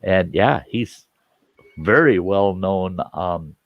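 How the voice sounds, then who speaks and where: A man with a fairly low voice tells a story in a loose, conversational way, putting on the voices of the people in it. The sound is dry and a bit dull, like a live stream mic. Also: takes it slowly, no room sound. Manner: animated anecdote with acted-out quotes. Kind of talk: casual storytelling.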